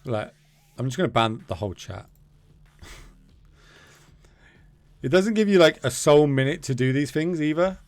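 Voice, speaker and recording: A man's voice: fairly high pitch, animated, moderate pace, long pauses, no echo. A man streaming a card game, chatting casually with his viewers, joking and swearing.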